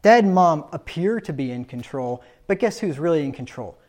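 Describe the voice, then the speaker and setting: A man's voice: a little high, animated, moderate pace, darkish tone, close to an everyday voice. A preacher putting on a smug young child who knows he can ignore his parents. The voice talks through his own cunning plan to disobey, staying close to the preacher's everyday speaking voice. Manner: smug, scheming inner monologue.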